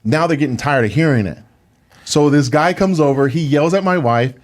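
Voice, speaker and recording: A man's voice: on the high side, normal speed. A man who is a guest on a podcast, telling a story in a casual, indignant way and using a lot of filler words like "like" and "dude". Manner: animated, indignant retelling with many "like"s and "dude"s. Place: podcast studio.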